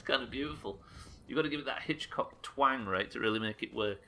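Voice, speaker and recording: A man commenting while he plays, talking casually, joking with his viewers and swearing often. His voice is bright and forward, with a middling pitch. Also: fairly quick. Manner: chatty, sweary, joking with chat. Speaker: live game streamer.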